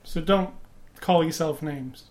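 A podcast co-host in casual chat, relaxed and teasing, with a wry way of talking. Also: mid-range voice, slow.

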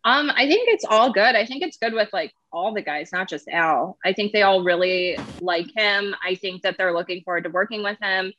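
Bright-voiced woman, dull lo-fi audio. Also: medium pitch, moderate pace, hardly any pauses, no room sound. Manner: hesitant, many fillers. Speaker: podcast guest. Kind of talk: casual interview chat.

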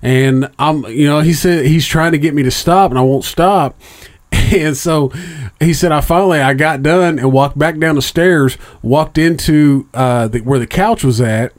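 A middle-aged man rambles through a personal story in casual, profane chat. He stumbles over restarts and fillers. His voice jumps up in pitch when he acts out what others said. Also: normal speed.

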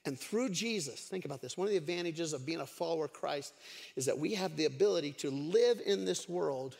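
In an echoey hall, a man with a slightly high, creaky voice delivers a sermon as a pastor. He tells stories conversationally and uses lots of fillers.

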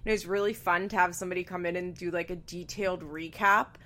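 A woman's voice: fairly low pitch, fairly even intonation, fast talker, bright, forceful tone. A young woman hosting a casual solo podcast from a bedroom at home, chatty and sarcastic, swearing freely and laughing between remarks. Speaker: podcast host. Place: bedroom at home with a fan running.

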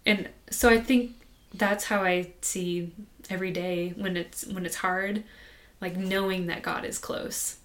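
A woman guest on a podcast, telling a personal faith story in a soft, halting, conversational way. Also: on the low side, fairly even intonation. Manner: soft-spoken and halting, with many restarts.

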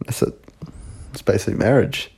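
A man's voice: a little fast, darkish tone. A young man with a New Zealand accent, chatting casually as a podcast co-host with dry, understated remarks. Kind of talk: casual chat.

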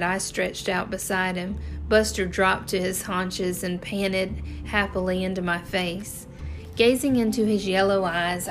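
A woman narrating an audiobook chapter in a steady, even storytelling manner. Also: lowish voice.

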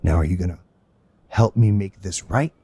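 Man doing a grim male survivor, low, measured, pleading, dry sound. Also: mellow, husky, no echo.

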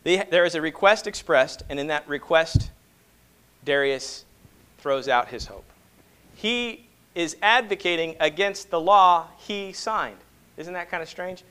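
Dynamic preaching man, fairly high voice. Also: a little slow, clean tone. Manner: expressive preaching, swinging between hushed and emphatic; asks the congregation rhetorical questions. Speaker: pastor. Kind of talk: sermon.

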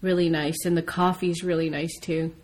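American woman, casual chat, animated storytelling, swears freely. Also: lowish voice, normal speed. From United States.

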